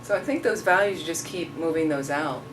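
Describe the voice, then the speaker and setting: A woman's voice: low-pitched, a little fast. Storytelling woman teacher, distant and noisy. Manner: rambling, storytelling, acts out quotes. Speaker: Buddhist teacher answering questions. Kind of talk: casual dharma talk. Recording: distant mic, noisy room.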